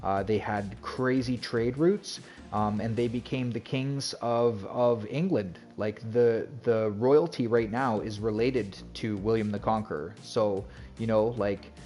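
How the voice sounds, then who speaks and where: Chatty low-voiced man streamer, rambling. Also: measured pace, darkish tone, soft background music. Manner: rambling storyteller, laughs and restarts often. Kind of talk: casual chat.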